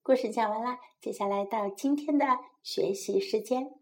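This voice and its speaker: A woman reading a children's story aloud and translating it line by line, then teaching it like a gentle, clear teacher. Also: a little high, moderate pace. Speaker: bilingual storyteller and English teacher.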